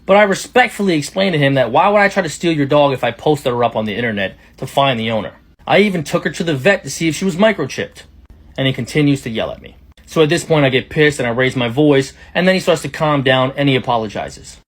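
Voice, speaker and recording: A man telling a personal story in a casual storytime style, chatty and rapid, with quoted asides. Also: mid-range voice, lively intonation.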